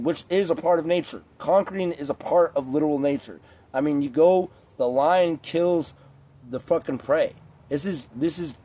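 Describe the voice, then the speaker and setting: A man's voice: a little high, darkish tone. A man talking straight to camera in a casual, rambling rant, swearing often and leaning on filler words. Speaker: vlogger.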